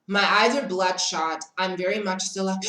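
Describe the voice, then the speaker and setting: A woman's voice: medium pitch, steady tone, moderate pace, bright, forceful tone, echoey room, rough recording. A woman telling a dramatic storytime in casual chat, often calling the listener "girl". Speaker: storytime vlogger.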